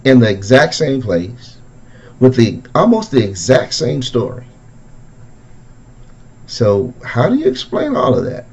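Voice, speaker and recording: A man, a pastor leading an interactive Bible study in a conversational, musing way with drawn-out phrasing. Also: medium pitch, sing-song, darkish tone.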